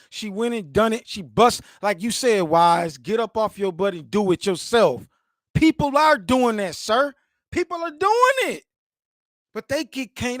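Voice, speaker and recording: A man's voice: extremely high pitch, no echo, clean studio sound. A man hosting his own online show, reacting with passion to a clip and talking straight to the viewer in casual slang. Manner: impassioned, repeats himself, talks back to a video. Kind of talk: casual commentary monologue.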